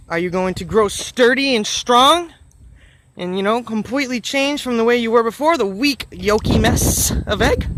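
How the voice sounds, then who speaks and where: A motivational vlogger with an extremely high, pushed, bright voice tells an earnest, encouraging story, rambling and filling it with lots of fillers. Slight background noise is present.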